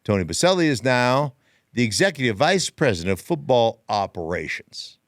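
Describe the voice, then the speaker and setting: Male podcast host, middle-aged, animated storyteller, swinging pitch, dry studio. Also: normal speed, no room sound. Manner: animated storyteller, emphatic repetition. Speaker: podcast host, former player and analyst. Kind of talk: casual sports podcast chat.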